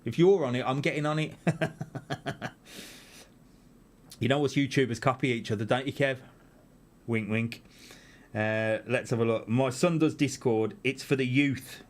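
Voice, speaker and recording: A middle-aged man hosting a casual live stream from a gear-filled room at home, chatty and self-mocking, his pitch bouncing up and down as he rambles. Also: unhurried, long pauses. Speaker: YouTube channel host.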